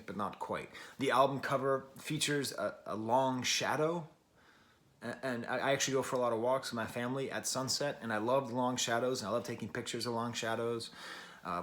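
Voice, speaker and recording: A man's voice: mid-range voice, a bit bright. A man hosting a music review show, talking through his thoughts in a casual, musing way with long strings of clauses. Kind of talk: casual spoken album review.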